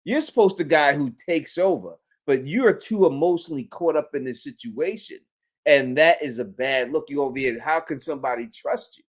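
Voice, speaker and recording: A man's voice: on the high side, normal speed. A man co-hosting a fan podcast, talking in an emphatic, casual way and often asking "you know what I mean". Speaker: co-host.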